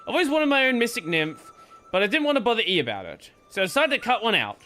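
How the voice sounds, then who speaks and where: A cheerful, stubborn young gardener from a video game, as a man reads the lines aloud. The voice is high and lively and moves a lot in pitch. Faint game music runs behind it. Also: fast, heavily acted.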